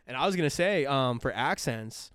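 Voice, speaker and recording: A young man from California with a relaxed Californian accent, chatting casually as a podcast host, rambling with lots of fillers. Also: mid-range voice, moderate pace, clear, resonant tone, no room sound, studio quality. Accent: Californian, laid-back surfer type. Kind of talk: casual chat.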